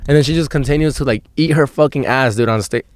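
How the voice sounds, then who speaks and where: A man's voice: medium pitch, quick pace, dry recording. A young man hosting a podcast, telling a long story in a rambling, profane way, full of restarts and fillers. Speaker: podcast host. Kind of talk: casual storytelling monologue.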